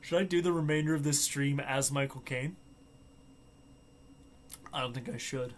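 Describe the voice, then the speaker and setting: A man's voice: medium pitch, normal speed, slight background noise. A man hosting a live stream, chatting casually and joking to himself with frequent laughs. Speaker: livestream host.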